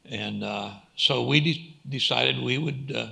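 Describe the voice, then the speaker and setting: A man on a panel, a filmmaker recounting how a project began in a relaxed storytelling way. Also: mid-range voice, measured pace, vocal fry. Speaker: documentary filmmaker. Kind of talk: panel discussion. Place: museum auditorium.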